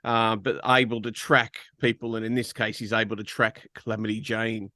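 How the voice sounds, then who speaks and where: A man's voice: on the low side, little pitch movement, normal speed, bright, forceful tone, dry recording. A man co-hosting a casual film review podcast, giving dry plot recaps with wry jokes. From Australia. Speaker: podcast co-host.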